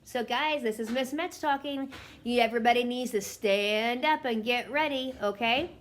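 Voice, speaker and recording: A woman preschool teacher leading a children's movement song, briskly coaxing the children to stand and join in. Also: fairly high pitch, a little hiss or hum.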